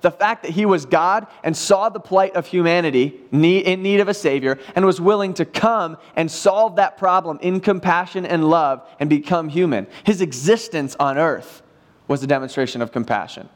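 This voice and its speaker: High-voiced man preaching a lively sermon. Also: moderate pace. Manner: casual, animated storytelling with acted-out quotes. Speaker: pastor. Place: church.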